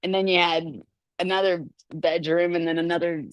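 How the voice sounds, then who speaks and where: A middle-aged woman chatting in an animated way, laughing often and acting out quotes in a somewhat low voice. The recording is dry and close, with no room sound. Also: normal speed, clear, resonant tone, no echo. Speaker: podcast guest. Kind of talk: casual storytelling chat.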